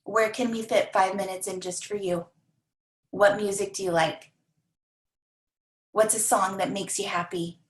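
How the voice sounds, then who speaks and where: A woman coaching a team of coaches in an energetic, repetitive manner, often acting out the voices of clients. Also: medium pitch, measured pace, pauses often, reverberant, poor audio. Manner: energetic, repeats phrases, acts out clients' voices.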